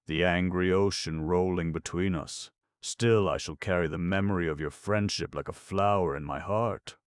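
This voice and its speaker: A man's voice: low-pitched, fairly even intonation, normal speed, no room sound, pitched above the performer's own voice, natural voice. A man voicing a courtly older police detective in an audiobook, speaking in formal, flowery phrases with clipped grammar. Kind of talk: audiobook narration.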